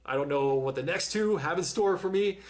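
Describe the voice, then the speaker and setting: Male reaction host, slightly high voice, loose talky delivery, restarts his phrases a lot. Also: fairly quick. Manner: chatty, repeats and restarts words. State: out of breath. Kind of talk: casual reaction commentary.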